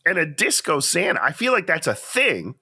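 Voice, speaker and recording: A man co-hosting a podcast, talking through a movie in an animated, playful, chatty way. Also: a little high, normal speed, gravelly, husky. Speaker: podcast co-host. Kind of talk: casual chat.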